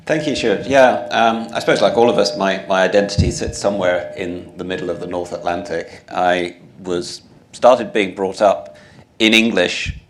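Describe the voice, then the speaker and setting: A man's voice: low voice, normal speed. A man speaking on a panel, a literature teacher, reflective and restarting his phrases. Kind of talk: panel discussion.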